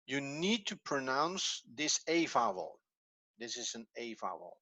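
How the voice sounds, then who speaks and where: A man explaining a Hebrew grammar point slowly and carefully, as if over a video call. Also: medium pitch, big pitch swings, bright, forceful tone, no room sound, low-quality recording. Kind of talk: online language lesson.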